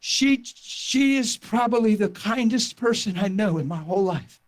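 A man preaching a sermon, telling a personal testimony with impassioned storytelling that rises toward shouting. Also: high-pitched, lively intonation, measured pace. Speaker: pastor.

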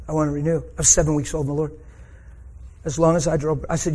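A middle-aged man delivers a sermon in a slightly higher voice. He tells a personal story, his voice swelling and breaking with emotion. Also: quick pace. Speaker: preacher.

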